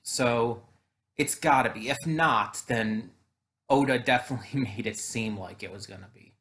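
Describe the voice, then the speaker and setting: A man's voice: mid-range voice, normal speed, a bit bright. A man hosting an anime reaction video, chatting casually with frequent fillers and restarts.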